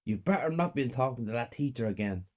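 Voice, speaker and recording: A man voicing a cruel, abusive mother who scolds her children slowly and coldly. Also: mid-range voice, animated, a little mellow, lightly acted. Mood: menacing. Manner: slow, menacing, scolding. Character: cruel, cold, abusive mother, adult woman.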